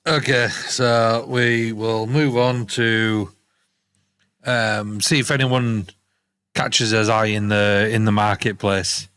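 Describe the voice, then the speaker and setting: A man, a player in a tabletop game, talking through plans casually and haltingly. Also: lowish voice, little pitch movement, a bit bright, clear, resonant tone. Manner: casual, halting planning talk.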